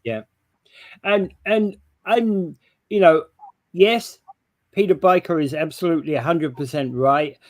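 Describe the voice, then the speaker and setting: A man co-hosting a local talk show in casual chat, with an agreeable manner, quick to chime in with affirmations. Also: fairly high pitch, a little mellow, no echo.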